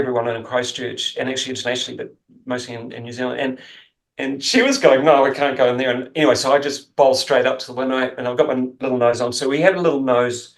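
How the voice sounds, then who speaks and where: A man's voice: medium pitch, gravelly. A man as an interview guest, telling rambling, self-mocking stories in casual chat and laughing often.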